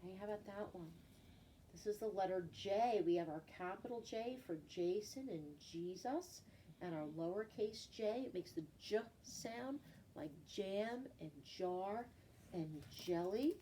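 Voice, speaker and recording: A woman teaching a children's phonics lesson, slowly and patiently naming letters and stretching out example words. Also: medium pitch, mellow. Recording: voice from a distance, faint background noise.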